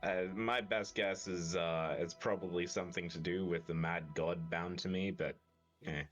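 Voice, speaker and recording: A man playing a tabletop game in character, speaking in a measured, dry way with pauses. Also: deep voice, steady tone, fairly bright tone, soft background music. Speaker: player.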